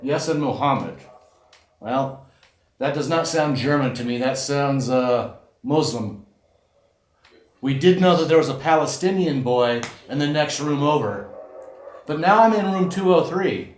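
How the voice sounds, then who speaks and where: A man hosting a ghost hunt, calmly asking questions of spirits inside a large abandoned hospital. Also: on the high side. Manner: calm, questioning, talks slowly to the unseen. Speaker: paranormal investigator host. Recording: echoey empty building, faint noise.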